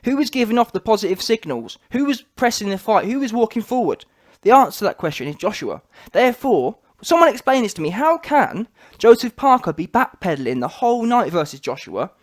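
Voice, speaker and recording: A man with a high voice rants emphatically about a fight, hammering his points with rhetorical questions and repetition. It is a one-man opinion piece from a channel host. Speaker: boxing commentator on his own channel. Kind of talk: opinionated reaction rant.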